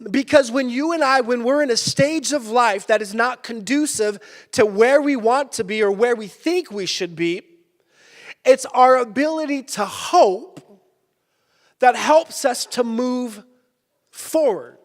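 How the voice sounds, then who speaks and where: A male pastor giving a sermon, telling a personal story with lively energy and sudden shouted bursts. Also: extremely high pitch, measured pace. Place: church sanctuary. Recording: church hall with long reverb.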